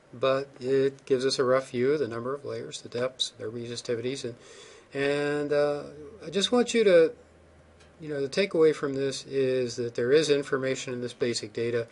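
A man's voice: medium pitch, creaky. A man giving a recorded geophysics lecture over slides, informal and thinking aloud, with many ums and restarts.

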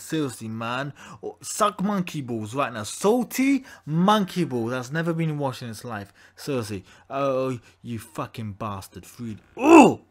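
A young man giving gameplay commentary, ranting and swearing, swinging between yelled outbursts and low muttering. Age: young adult. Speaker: gamer.

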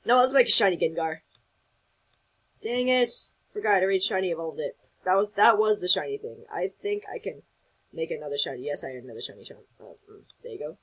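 Excitable, rambling gameplay commentator. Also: medium pitch, quick pace, husky, rough recording. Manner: excitable, rambling, thinks aloud. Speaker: gaming channel host.

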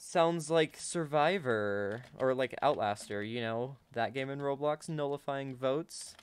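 A young man casually commenting on his own gameplay to viewers, excitable and chatty, often gasping and laughing. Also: medium pitch, a little slow, clean tone. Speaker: gaming YouTuber.

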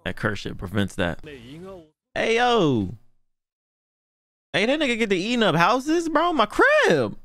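A young man hosting a casual anime reaction, excitable and slangy, laughing often and breaking into delighted shouts. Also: high voice, a little slow, pauses often, no echo, studio quality.

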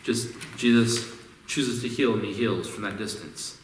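A man's voice: lowish voice, fairly even intonation, unhurried, a little hiss or hum. Man preaching in an echoey church hall. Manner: conversational, repeats words as he restarts phrases. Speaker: pastor. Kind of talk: sermon. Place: church sanctuary. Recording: echoey hall, distant mic.

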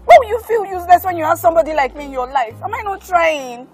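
A woman's voice: extremely high pitch, animated, quick pace, a little mellow, soft background music. A woman with a Nigerian English accent playing a devoted, pleading girlfriend in a film drama. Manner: pleading, emotional.

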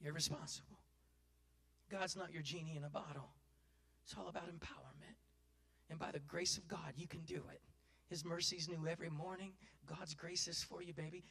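A male pastor preaching a sermon in a folksy way, building to loud impassioned cries. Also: fairly high pitch, animated, normal speed, gravelly.

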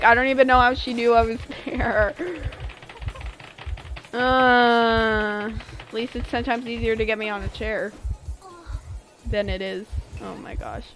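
Bright-voiced young woman streaming a game. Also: on the high side, rough recording. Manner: expressive, exasperated outbursts while playing. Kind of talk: casual live game commentary.

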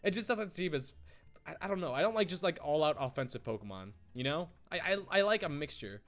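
A man rambles through casual let's-play commentary, stammering and restarting as he gets excited. His voice sits a bit high and swings widely in pitch. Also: fairly quick. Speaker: gaming YouTuber.

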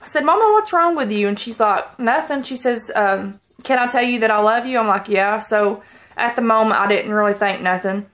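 A woman vlogger holding back tears as she tells a personal story, halting and rambling with many pauses and restarts. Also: mid-range voice, fairly even intonation, fairly bright tone.

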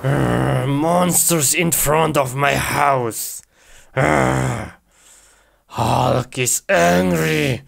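A man's voice: mid-range voice, very slow, creaky, a bit bright, exaggerated voice. A man playing a raging brute who calls himself Hulk, grunting in simple, broken English. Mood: angry.

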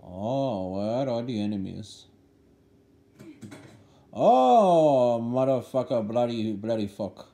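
A man's voice: lowish voice, unhurried, dark tone, close to an everyday voice. Brief: goofy gamer voice in an exaggerated Indian accent, put on by a man, loose and cursing. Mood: playful. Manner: loose, jokey, sometimes cursing. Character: young man faking a heavy accent while gaming. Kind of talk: gameplay commentary.

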